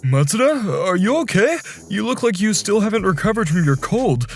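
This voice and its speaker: A man's voice: sits high, very animated, moderate pace. A man voicing a stern office manager who scolds his staff in a firm, direct way.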